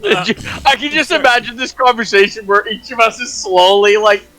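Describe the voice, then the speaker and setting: A man's voice: very high-pitched, moderate pace, bright, forceful tone, faint music behind, low-quality recording. A man playing in a tabletop game, wry and teasing. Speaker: player. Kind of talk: casual tabletop banter.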